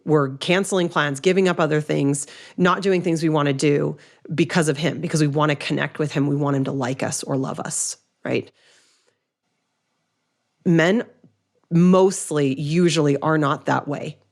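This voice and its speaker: A woman's voice: sits low, steady tone, normal speed, vocal fry, a little mellow. A woman in her thirties hosting a solo podcast, giving earnest, direct relationship advice with frequent restarts. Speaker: podcast host, relationship coach.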